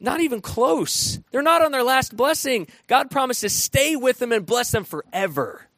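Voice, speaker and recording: A man's voice: very high voice, lively intonation, normal speed, a bit bright, dry recording. A man preaching a sermon in a conversational way, often restarting his sentences and acting out quotes. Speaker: pastor.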